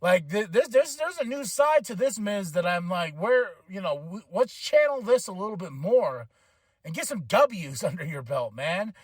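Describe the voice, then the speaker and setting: A man hosting his own podcast, recapping a wrestling show in a casual, rambling, animated way with lots of asides. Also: high voice, moderate pace, breathy edge, no echo. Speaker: podcast host.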